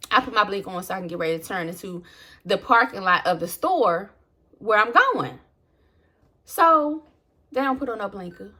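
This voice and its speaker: High, lively woman ranting. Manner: animated, exasperated retelling with acted-out quotes; talks while prepping food. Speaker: vlogger. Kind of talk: casual storytelling rant.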